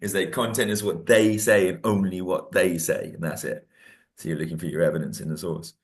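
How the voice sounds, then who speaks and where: A man with a very deep voice explains exam technique to students. He talks in a lively, casual way, laughing often and acting out students' remarks. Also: a little fast. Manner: animated, laughs often, acts out students' lines. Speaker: history teacher. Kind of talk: casual revision discussion.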